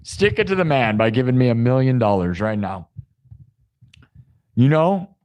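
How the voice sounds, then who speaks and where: A man's voice: mid-range voice, big pitch swings, moderate pace, smooth. A man hosting a live stream, chatting casually and joking with his viewers in a rambling way. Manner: jokey, rambling, talks to chat. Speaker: live stream host and improv musician.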